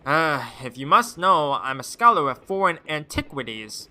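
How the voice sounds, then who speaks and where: A man's voice: on the high side, big pitch swings, normal speed, pushed and bright, exaggerated voice. A man voicing a haughty, condescending male scholar in a game. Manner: dismissive, condescending.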